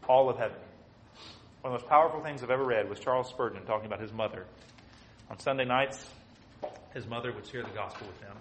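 Male preacher, mid pitch, emphatic sermon delivery with loud-to-hushed swings, faint noise floor.

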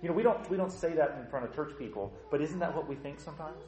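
A man's voice: on the high side, quick pace, highs cut off. A man preaching a sermon as pastor, blunt and conversational, acting out the doubting voices of his congregation and asking the room questions. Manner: animated, acts out the voices of troubled churchgoers. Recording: roomy church reverb.

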